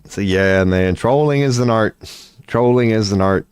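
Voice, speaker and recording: A man's voice: lowish voice, unhurried, clear, resonant tone, dry recording, clean studio sound. A man in his forties chatting casually on a livestream, rambling and profane, laughing often as he talks. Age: 40s. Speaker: streamer.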